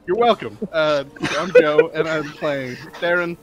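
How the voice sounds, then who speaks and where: A man's voice: a little high, a little slow, hardly any pauses. A man chatting casually as a player at a tabletop game, rambling off topic.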